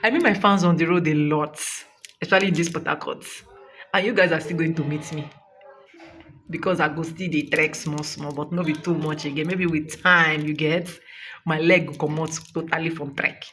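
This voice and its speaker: A woman's voice: sits low, fairly even intonation, moderate pace, fairly bright tone, a little hiss or hum. A young Nigerian woman vlogging a fervent, preachy testimony of thanks, close to tears. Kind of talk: emotional testimony vlog.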